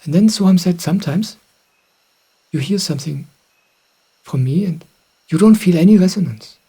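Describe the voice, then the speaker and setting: A middle-aged man, a spiritual teacher, calmly answering questions in a gentle, reflective way. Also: high voice, normal speed, vocal fry, breathy edge. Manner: gentle, reflective, soft-spoken. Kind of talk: calm satsang answering questions.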